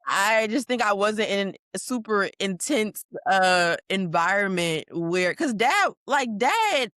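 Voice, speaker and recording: Young woman chatting on a podcast, mid pitch, rambly and honest, lots of "like". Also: lively intonation, slow, a bit bright, no echo, studio quality. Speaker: podcast co-host. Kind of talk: casual chat.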